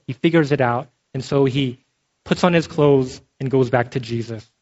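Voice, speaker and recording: A pastor delivers a sermon in a relaxed, conversational style, pausing now and then to ask his listeners "okay?" His voice sits a little high for a man, and the recording is muffled, dull and lo-fi.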